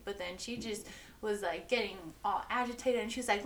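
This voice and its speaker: A woman's voice: mid-range voice, a little fast, hardly any pauses, slight background noise. Woman, podcast co-host, casual storytelling, giggly, echoey room. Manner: giggly, animated, lots of "like". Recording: roomy echo.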